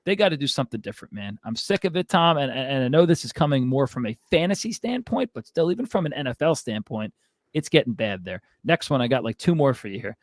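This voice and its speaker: A man's voice: mid-range voice, sing-song, fast talker, no echo. A man hosting a fantasy football show, ranting heatedly and with exasperation to his co-host. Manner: fired-up, exasperated ranting with frequent asides. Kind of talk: heated sports rant to a co-host.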